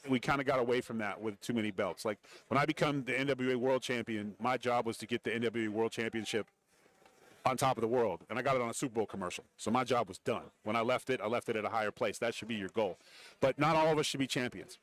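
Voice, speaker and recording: A man's voice: mid-range voice, fast. A man being interviewed on a radio show, rambling through stories about his career and acting out quotes. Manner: rambling anecdotes with acted-out quotes. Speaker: interview guest, former wrestler. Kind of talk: casual interview storytelling. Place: radio row at a large event.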